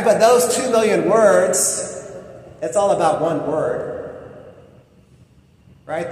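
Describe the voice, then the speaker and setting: A man's voice: a little high, a little mellow. A man preaching a conversational sermon, chatty and full of asides and fillers. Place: church or chapel. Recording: echoey hall with faint noise.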